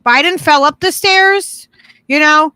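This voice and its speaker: A woman's voice: high-pitched, a little slow, sharp tone, no echo. A woman co-hosting a casual podcast chat, playful and giggly, telling little stories. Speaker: podcast co-host.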